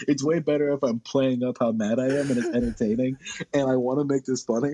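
A man in loose comedic conversation, venting his frustration in a profane, ranting way. His voice has a husky, slightly breathy edge. The sound is dry and close, with no room echo. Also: mid-range voice, steady tone, quick pace, warm tone. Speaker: podcast co-host. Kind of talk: casual comedic chat.

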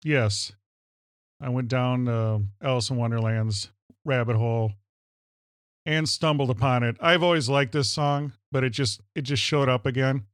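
A man's voice: mid-range voice, fairly even intonation, moderate pace, smooth. A man from Minnesota co-hosting a casual chat show, enthusiastic and fond of repeating the word "powerful". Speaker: podcast co-host.

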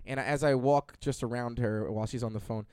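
A young man, telling a long story on a casual podcast in an animated, profane way and acting out other people's lines. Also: mid-range voice, brisk, clean tone. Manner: animated, profane storyteller who acts out quotes. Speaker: podcast co-host.

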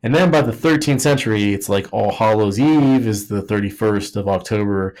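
Against slight background noise, a male podcast co-host chats casually and jokingly about history, rambling with lots of "like" and many false starts. His voice is fairly low and a little mellow, at normal speed.

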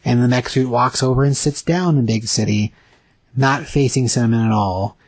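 A man talking through a comic in relaxed chat, his voice a little husky and dry. He keeps it animated and jumps into quick character voices for the dialogue. Middle pitch, nothing echoing around him. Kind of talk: casual chat recapping a comic.

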